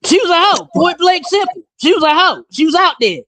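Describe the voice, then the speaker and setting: A man hosting a casual podcast chat, talking bluntly and in an animated way, his pitch jumping up when he gets riled. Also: fairly quick, no echo. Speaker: podcast host.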